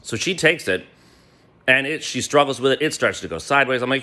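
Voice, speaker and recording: A man telling a personal story to a friend, animated and swearing freely. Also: mid-range voice, fairly quick. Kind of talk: gleeful personal anecdote.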